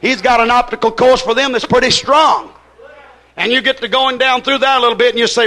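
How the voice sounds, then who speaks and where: A man's voice: extremely high pitch, fairly quick, sharp tone. A man preaching a sermon in a folksy, emphatic way, retelling a conversation with one "I said" after another.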